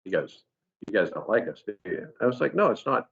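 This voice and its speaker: A man's voice: on the low side, a little fast, gravelly. Engineer guy telling a story, lots of restarts, kinda muffled lo-fi sound. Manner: animated anecdote-telling with frequent restarts. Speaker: engineer at a company experience center. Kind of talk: casual storytelling in a recorded talk. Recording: dull lo-fi sound.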